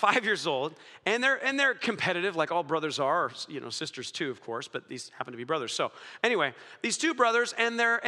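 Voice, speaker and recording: A man preaching a sermon in a lively, joking storytelling manner, speaking in a church hall. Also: high-pitched. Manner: lively storytelling, jokey, chuckles. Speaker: pastor. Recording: long hall reverb.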